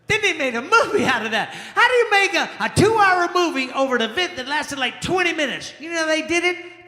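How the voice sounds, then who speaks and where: Male stand-up comic, crowd banter, bright high voice, roomy lounge with long reverb. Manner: animated, crowd-work banter with quick asides. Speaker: stand-up comedian. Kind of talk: stand-up comedy set. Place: small jazz lounge, live audience. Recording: echoey room with long reverb.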